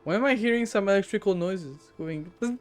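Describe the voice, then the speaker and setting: A woman's voice: medium pitch, a little fast, faint music behind. A woman streamer with a French accent, chatting casually while gaming, teasing herself, stammering and giggling.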